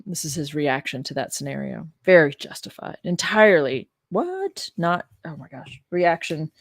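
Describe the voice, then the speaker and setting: A woman's voice: deep voice, very animated, moderate pace, no room sound, clean studio sound. Exasperated woman professor, blunt. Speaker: religion professor. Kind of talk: casual commentary on a scripture reading.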